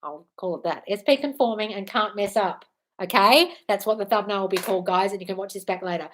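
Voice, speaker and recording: Running a live-stream Q&A, this Australian manifestation coach reads viewers' comments aloud and answers with blunt affection, calling people "darling." She talks fast in a slightly high, fairly bright voice.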